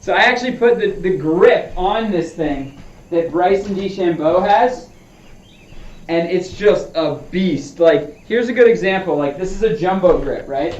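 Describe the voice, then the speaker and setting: In an unhurried, high-pitched voice, a man livestreams his golf practice, chatting casually with viewers and talking himself through his swings. The audio is lo-fi, dull, distant and roomy.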